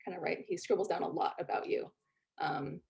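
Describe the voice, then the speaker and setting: A woman narrating a tabletop game as game master, relaxed, with frequent fillers. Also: low voice, brisk, vocal fry.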